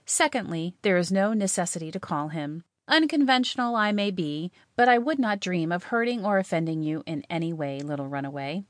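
A woman doing a calm, grave young ghost man. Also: on the low side, a little fast, hardly any pauses, no room sound, clean studio sound, natural voice.

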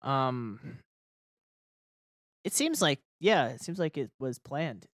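Rambling laughing player, dry close mic. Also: male voice, mid-range voice, very animated, takes it slowly, fairly bright tone, dry recording. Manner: rambling, laughing, many fillers. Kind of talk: casual tabletop play.

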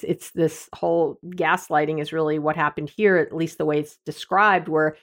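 A middle-aged woman, a therapist hosting an advice podcast, talking candidly in a conversational, self-deprecating way. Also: deep voice.

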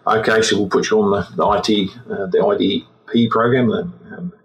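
Halting older Australian man. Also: lowish voice, steady tone, creaky, poor audio. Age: 60s. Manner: halting, repeats words as he recounts. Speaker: guest, retired forensic examiner. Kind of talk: personal storytelling in an interview.

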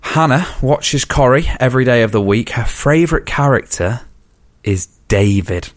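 A man's voice: mid-range voice, expressive, moderate pace. A young man in his twenties with an English accent, hosting a podcast in casual chat and often repeating words as he talks. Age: 20s. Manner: chatty, stumbles and repeats words. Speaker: podcast host.

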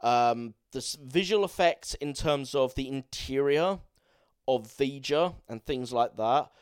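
A man's voice: medium pitch, takes it slowly, clean tone. Chatty man rambling about a film. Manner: rambling, enthusiastic, swears casually. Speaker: podcast co-host. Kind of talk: casual film review chat.

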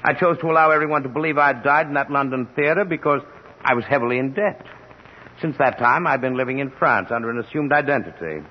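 A man playing a smooth debonair liar. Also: medium pitch, fast, close to an everyday voice. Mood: pleading. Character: smooth, debonair man who lies for money. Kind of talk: 1940s radio acting. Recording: dull old radio recording, echoey, breathy.

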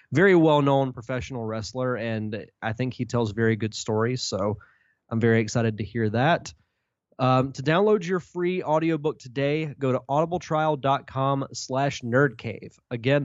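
A man's voice: medium pitch, no echo. A man co-hosting a retro gaming podcast, easygoing and full of "uh" fillers, also reading the sponsor spot. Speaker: podcast co-host. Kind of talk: casual podcast chat and host-read ad. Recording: dull lo-fi mic.

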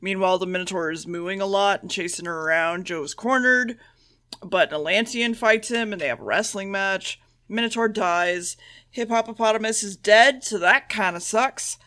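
A woman's voice: medium pitch, pushed and bright. A woman co-hosting a podcast who recaps an episode's plot flippantly and with swearing. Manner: flippant, sweary recap with quick voiced quotes. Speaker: podcast co-host.

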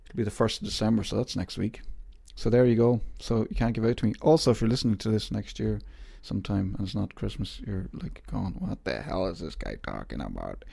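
A man's voice: on the low side, steady tone, a little fast, gravelly, hardly any pauses, mellow, slightly rough, no room sound, studio quality. A man hosting his podcast in a rambling, self-mocking casual chat. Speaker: podcast host.

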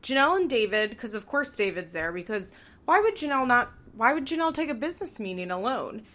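A woman's voice: a little high, very animated, fast, sharp tone. A young woman hosting a podcast, recapping a show in heated, profane rants. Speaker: podcast host.

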